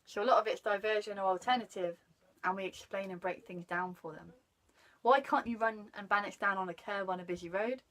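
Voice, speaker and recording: A woman's voice: mid-range voice, a little fast, fairly bright tone, poor audio. A woman, chatting animatedly about parenting and breaking off to greet passers-by. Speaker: parenting guest. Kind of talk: casual chat about parenting.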